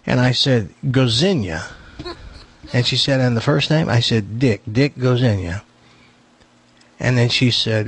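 An older man, a show regular, tells a story in casual chat, speaking unhurriedly with long pauses in a husky, medium-pitched voice. He's animated, acting out the voices of the people in his anecdote.

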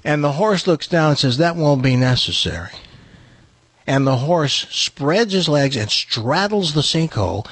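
A man's voice: a little high, measured pace, hardly any pauses, husky, no echo. A man hosting a radio talk show, telling jokes and stories. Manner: animated storyteller with lively voices. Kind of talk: joke-telling radio banter.

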